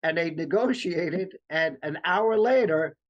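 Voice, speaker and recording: A man co-hosting a casual talk show, telling a story in halting bursts and acting out the quoted lines. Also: on the high side, expressive. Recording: dull lo-fi sound.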